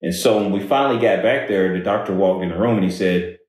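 A man telling a personal story in conversation, halting and repeating words as he goes. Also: low voice, a little mellow. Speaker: guest speaker on workplace diversity. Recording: very echoey room.

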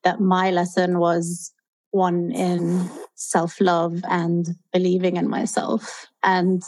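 A woman's voice: on the low side, completely flat delivery, takes it slowly, a little mellow. A woman in her thirties, an interview guest, telling a personal story in an earnest, open and reflective way.

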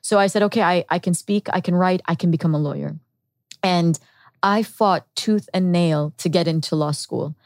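A woman's voice: on the low side, moderate pace, darkish tone, no echo, clean studio sound. Earnest woman telling her life story. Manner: earnest and reflective, with quoted inner thoughts. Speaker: podcast guest. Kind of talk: candid personal storytelling.

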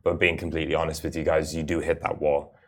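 A man's voice: very deep voice, flat delivery, fast, a bit bright. A man, a rally racer and guest, giving earnest, explanatory interview answers with frequent "uh" fillers. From Ireland.

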